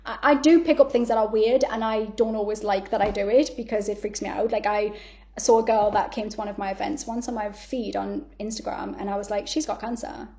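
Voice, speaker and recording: A woman, a podcast guest telling stories in a candid, animated way, blunt and swearing freely. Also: mid-range voice, brisk, creaky. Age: 30s. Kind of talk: candid conversational storytelling.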